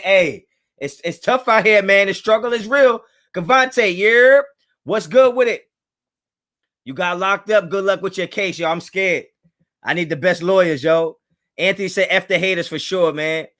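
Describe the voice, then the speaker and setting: Kids can be heard being elsewhere in the house as this man runs a relaxed livestream from home. His voice sits high with a touch of brightness, and he drops easygoing slang while welcoming viewers in chat by name.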